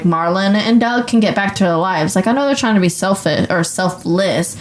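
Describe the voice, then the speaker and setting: A woman's voice: medium pitch, darkish tone, a little hiss or hum. A woman co-hosting a podcast, chatting casually and thinking aloud with frequent restarts. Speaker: podcast co-host. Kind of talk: casual chat.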